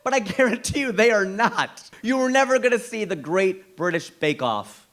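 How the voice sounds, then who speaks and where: Man, American accent, stand-up comedian, high voice, very lively pitch. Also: moderate pace. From United States. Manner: animated, rising to exclaim punchlines. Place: comedy stage before a live audience.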